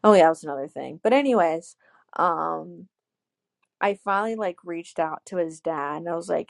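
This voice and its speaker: Brief: twenties woman, low-ish creaky voice, dry close sound, animated storyteller. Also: fairly quick, no room sound. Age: 20s. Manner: animated storyteller, acts out quotes, many "like"s. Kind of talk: casual chat, telling a personal story.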